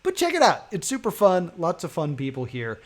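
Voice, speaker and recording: A man's voice: on the high side, fairly quick. A man streaming live who tells a long story casually, laughing often and acting out the people in it. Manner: animated, laughing, acts out the people in his story.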